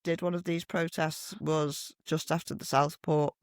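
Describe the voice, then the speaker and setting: A middle-aged woman, co-hosting a podcast and telling stories in a blunt, animated way with plenty of swearing. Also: low-pitched, unhurried, no room sound, studio quality. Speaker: podcast co-host. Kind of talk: casual chat. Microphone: desk microphone.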